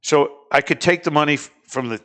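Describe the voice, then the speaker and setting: A middle-aged man hosting a casual talk show, telling lively stories and chatting with his guests. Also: fairly high pitch, a little fast. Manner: chatty, animated anecdote teller. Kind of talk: casual studio chat and storytelling.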